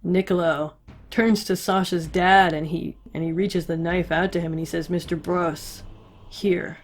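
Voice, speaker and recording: A woman's voice: lowish voice, fairly even intonation, normal speed. A woman casually recapping a story with profane, wry asides. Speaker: recap host.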